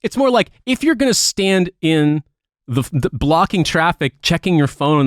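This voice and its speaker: Profane, animated American podcast host. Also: male voice, fairly high pitch, normal speed, dry recording, clean studio sound. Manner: profane, animated storytelling with rants. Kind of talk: casual chat.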